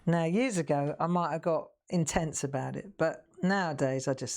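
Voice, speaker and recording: A woman's voice: sits low, normal speed, few pauses, a little mellow. A middle-aged woman, chatting casually and laughing often while demonstrating crafts on a live stream.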